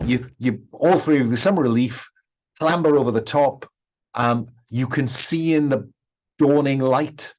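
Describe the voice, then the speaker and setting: Hesitant male game master, muffled call audio. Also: mid-range voice. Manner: hesitant, many ums and restarts. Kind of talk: narrating a tabletop game.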